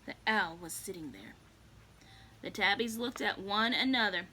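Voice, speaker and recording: A woman reading a children's storybook aloud in a gentle, unhurried way. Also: medium pitch, animated, slightly rough.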